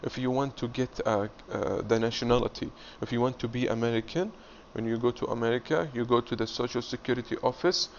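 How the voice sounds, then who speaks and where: A man teaching an English reading lesson, explaining slowly and repeating himself step by step. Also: mid-range voice, fairly even intonation. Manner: slow, repetitive, explaining step by step. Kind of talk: classroom video lesson. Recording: dull lo-fi audio with faint hiss.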